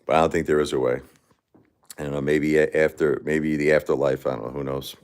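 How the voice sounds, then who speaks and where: A grief-stricken man in his forties hosts a casual livestream and answers comments as they come in. His voice sits extremely low. His speech is halting and repetitive, full of restarts and fillers. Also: flat delivery, clean tone. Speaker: livestream host.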